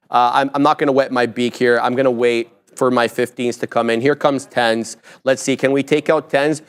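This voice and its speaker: A man with a smooth, clear voice runs a live market stream, calling out prices and chart levels as they move. His talk is brisk and self-mocking, joking about breaking his own trading rules. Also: mid-range voice. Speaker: live trading show host.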